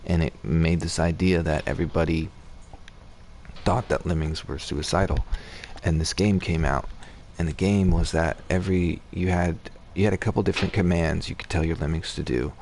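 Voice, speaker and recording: A man's voice: deep voice, fairly even intonation, normal speed, darkish tone, a little hiss or hum. A man streaming a game, chatting casually and rambling, with swearing and restarts. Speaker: gaming streamer. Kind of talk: casual gaming chat.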